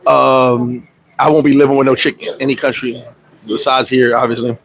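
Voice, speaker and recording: A man's voice: mid-range voice, normal speed, vocal fry, low-quality recording. A man who lives abroad telling a story on his livestream, swearing often and acting out the other people in it. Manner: profane, animated storytelling. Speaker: vlogger. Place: Dominican Republic.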